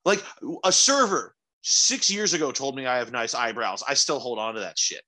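Bright-voiced young man telling stories. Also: normal speed. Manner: rambling, profane storytelling with sudden excited jumps in pitch. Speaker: podcast co-host. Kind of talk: casual chat.

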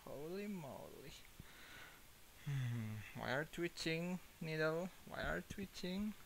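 A man's voice: a little high, expressive, slow, vocal fry, a bit bright, a little hiss or hum, low-quality recording. A man with an Indonesian accent playing a horror game, jumpy and nervous, repeating himself in panic and laughing it off. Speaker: gaming YouTuber. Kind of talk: horror game let's-play.

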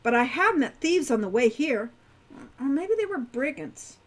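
A woman reading as a curious teenage girl adventurer in a storybook, casual and eager. Her voice is high and bounces lively through each line. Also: moderate pace.

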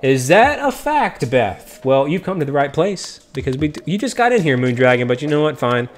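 A man's voice: fairly high pitch, very animated, normal speed, a little hiss or hum. A man streaming online matches with viewers, chatting casually and greeting and teasing them by name. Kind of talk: casual live-stream chat.

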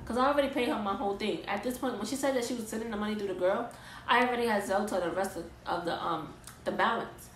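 A young woman telling an animated, exasperated storytime vlog in casual slang. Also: mid-range voice, fast, roomy sound, a little hiss or hum, poor audio. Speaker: vlogger.

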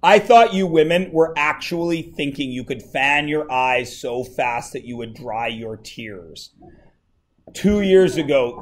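A man's voice: a little high, animated, slow. A man teaching math to a class, working through equations and teasing his students as he goes.

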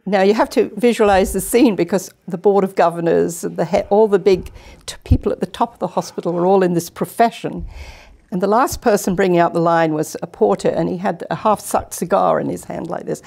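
Older woman from England, guest storyteller, gravelly low dark voice. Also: brisk. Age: 70s. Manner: chatty, animated anecdotes. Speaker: guest, retired nurse. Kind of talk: casual storytelling interview. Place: community TV studio.

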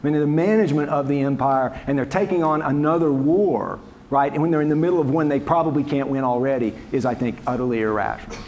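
A man's voice: fairly high pitch, fast, darkish tone, slight background noise. Wry, chatty male history lecturer. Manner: wry, conversational, with many restarts and asides. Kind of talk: lecture Q&A answers. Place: lecture hall.

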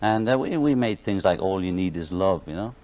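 A man in his thirties with a Liverpool accent speaks on a television studio set. His voice sits a little low, and his talk is offhand and wry. He chuckles between remarks. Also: expressive, a little fast, darkish tone. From England. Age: 30s. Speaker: guest musician. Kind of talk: casual talk-show interview.

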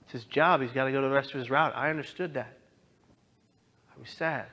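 A young man earnestly telling his own story as a talk, moving from quiet to impassioned. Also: mid-range voice, a little fast. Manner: earnest, swings from hushed to impassioned. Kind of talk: personal testimony talk.

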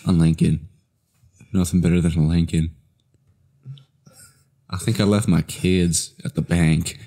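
A man voicing a laid-back man with a slow, rambling drawl and a repeated catchphrase. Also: low voice, level tone, warm tone, pitched below the performer's own voice.

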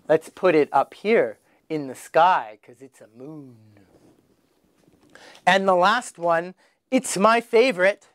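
A man teaching children their letters, slowly sounding out each one with exaggerated emphasis. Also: high voice, fairly bright tone, no room sound. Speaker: English teacher. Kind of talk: children's phonics lesson.

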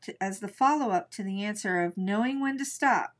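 A woman's voice: mid-range voice, fairly quick. A middle-aged woman hosting a live watercolor painting tutorial, chatting and thinking aloud as she works. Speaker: art instructor.

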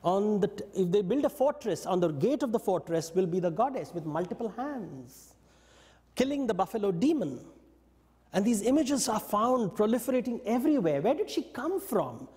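A man giving a lecture, telling stories in an animated way and briefly acting out what the characters say. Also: high voice, long reverb tail. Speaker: invited speaker. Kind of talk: lecture on mythology. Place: yoga studio talk.

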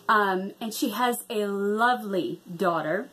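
A woman's voice: medium pitch, a little slow, few pauses, fairly bright tone. A woman chatting casually in a craft vlog, hesitant with many ums and restarts. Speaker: cross-stitch vlogger.

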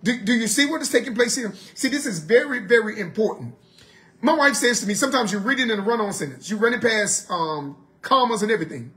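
High-voiced man preaching with lively pitch. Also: fast. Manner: emphatic, asks the listeners rhetorical questions; swings between loud urging and low, quiet asides. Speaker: Bible study teacher. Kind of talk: sermon-style Bible teaching.

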